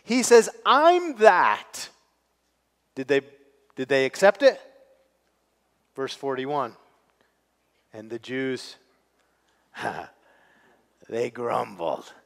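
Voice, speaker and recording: A man's voice: medium pitch, expressive, drawn-out words, vocal fry, long pauses. A man, preaching a sermon to his congregation and putting questions to them. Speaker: pastor. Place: church sanctuary. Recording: long reverb of a large hall.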